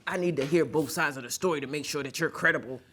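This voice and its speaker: A man's voice: a little high, quick pace, sharp tone, slight background noise. A man co-hosting a casual podcast, laid-back and questioning. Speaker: podcast co-host.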